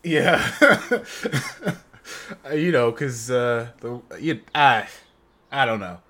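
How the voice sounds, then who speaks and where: A man in his thirties hosts a laid-back podcast, talking in an animated, joking way. His pitch sits in a middle range, and he often restarts and trails off. The talk is loose banter. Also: drawn-out words. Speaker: podcast host.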